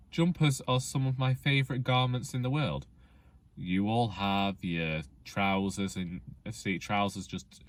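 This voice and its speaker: A man, rambling wryly and self-deprecatingly in a casual vlog, talking outdoors in the rain under a hood. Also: low voice. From England. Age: 20s. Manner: chatty, self-deprecating, wry. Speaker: vlogger.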